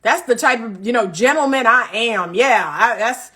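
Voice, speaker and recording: A woman's voice: fairly high pitch, lively intonation, moderate pace, pushed and bright, husky, full character voice. Woman mimicking a bragging man. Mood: boastful. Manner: self-important, fishing for praise. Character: boastful man bragging about paying.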